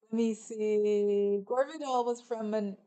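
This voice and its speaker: This livestream host, a middle-aged woman from California, chats in a loose, rambling way while reading out comments from her viewers. She speaks slowly in a mellow, steady, mid-range voice over a rough-sounding recording.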